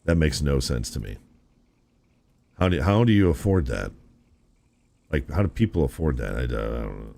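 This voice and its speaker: A man's voice: a bass voice, expressive, moderate pace, creaky, long pauses, dark tone. A man streaming a video game, chatting casually and musing aloud to his viewers, often calling them "dude". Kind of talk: casual live-stream gameplay chat.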